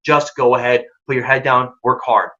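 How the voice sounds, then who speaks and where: A man's voice: mid-range voice, normal speed. Emphatic man giving career tips. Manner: energetic, emphatic, casual. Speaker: workshop presenter. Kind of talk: career advice talk. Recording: dull lo-fi recording.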